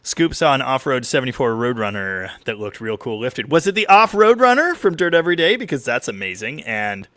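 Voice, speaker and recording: A man hosts his weekly car livestream in studio-quality audio with no room sound, speaking briskly at medium pitch with hardly any pauses. He rambles and jokes with lively ups and downs while reading out viewer comments.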